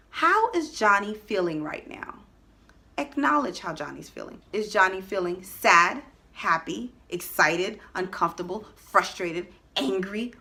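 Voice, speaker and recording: Animated, bright-voiced woman giving a talk. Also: medium pitch. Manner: emphatic and direct, repeats key points. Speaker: speaker giving a talk to parents. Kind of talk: motivational talk.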